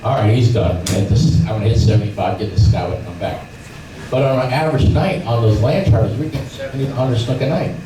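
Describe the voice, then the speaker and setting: A man's voice: mid-range voice, fairly quick, crowd noise. A middle-aged man telling fishing stories at a club meeting, acting out voices and sounds as he goes. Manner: animated storyteller, acts out voices and sounds. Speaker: fishing guide giving a club talk. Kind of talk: storytelling seminar talk. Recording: echoey room from far off, noisy.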